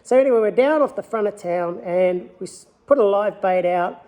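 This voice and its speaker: A man with a New Zealand accent speaks in a fairly high voice. He tells his story of learning his craft in an easygoing, rambling interview style, circling back and restarting as he goes. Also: moderate pace, a little mellow. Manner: easygoing, rambling anecdotal telling. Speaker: lure maker.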